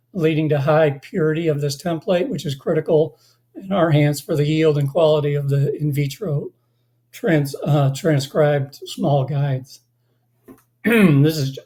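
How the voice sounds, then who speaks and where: Webinar presenter, mellow tone, a bit hoarse, halting delivery full of fillers. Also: medium pitch. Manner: halting, many filler sounds and restarts. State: slightly hoarse, losing voice. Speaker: company presenter.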